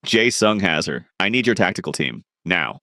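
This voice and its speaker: A man voicing a tough, stubborn male crime boss who gives gruff commands, in a storybook reading. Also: sits low, very animated, normal speed, pushed and bright, no echo, clean studio sound, exaggerated voice. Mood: determined.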